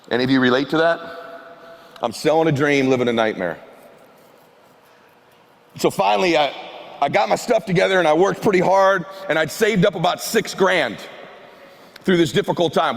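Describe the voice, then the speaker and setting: A middle-aged man giving a keynote on stage, telling a self-mocking story that swings from hushed asides to shouting. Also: fairly high pitch. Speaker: motivational speaker. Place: large event hall stage. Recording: long hall reverb from a live stage.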